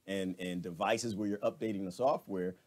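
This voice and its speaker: A man's voice: low-pitched, normal speed. A man hosting a live stream, ranting casually in a colloquial way with laughs and asides to viewers. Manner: animated, laughing, talks back to viewers.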